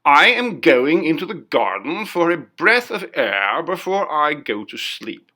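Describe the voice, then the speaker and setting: A man voicing a haunted gentleman who speaks fiercely and imperiously. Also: fairly high pitch, big pitch swings, unhurried, pitched above the performer's own voice, heavily acted. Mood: furious. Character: haunted, feverish English gentleman.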